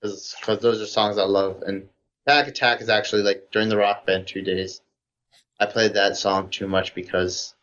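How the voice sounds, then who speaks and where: A man's voice: fairly low pitch, steady tone, normal speed, fairly bright tone. Brief: man, rambling gamer chat, lots of "like", muffled lo-fi recording. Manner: rambling, heavy use of "like", enthusiastic fan tone. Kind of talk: casual podcast chat. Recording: dull lo-fi audio.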